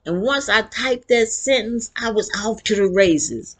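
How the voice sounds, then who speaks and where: A woman's voice: mid-range voice, unhurried, few pauses, fairly bright tone. A woman in her sixties telling her own life story in a frank, earthy, conversational way. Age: 60s. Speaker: vlogger and author. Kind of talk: casual personal storytelling.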